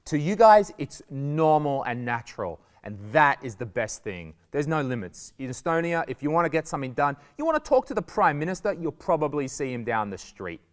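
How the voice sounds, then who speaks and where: A man with an Australian accent, a comedian talking to students in a lively, jokey way and acting out little quoted voices. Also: fairly high pitch, fairly quick, hardly any pauses, long reverb tail. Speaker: comedian giving a guest lesson. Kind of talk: lively stand-up style talk to students.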